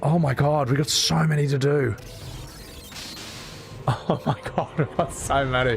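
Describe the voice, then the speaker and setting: A man chatting casually on a live stream, excitable and swearing, laughing often and reading viewers' messages aloud. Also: a little high, normal speed, over music.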